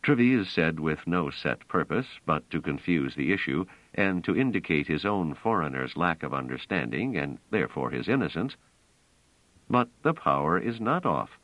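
A male narrator with a very deep voice reads a story in a measured way. The recording is dry and close, with a muffled lo-fi sound. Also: expressive, dry recording. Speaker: audiobook narrator. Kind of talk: scripted narration.

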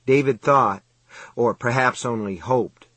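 A man narrating a novel in measured, steady scripted storytelling. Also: medium pitch, slightly rough, dry recording. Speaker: audiobook narrator.

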